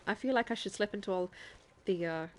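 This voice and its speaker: A woman with a mid-range voice talks fast as she streams a game live, chatting with viewers in a put-on Irish accent. She laughs often while giving her gameplay commentary.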